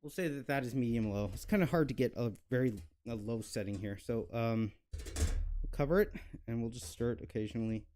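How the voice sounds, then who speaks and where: A young man hosts a cooking channel video in a casual vlog chat, rambling with plenty of fillers and self-mocking jokes. His voice is medium-pitched and mellow, and he talks briskly.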